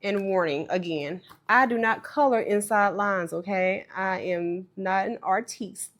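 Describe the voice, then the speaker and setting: A woman's voice: medium pitch, measured pace, few pauses. A woman casually talking viewers through stuffing cash into budget envelopes, chatty and self-deprecating. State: tearful, voice breaking. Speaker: budgeting vlogger.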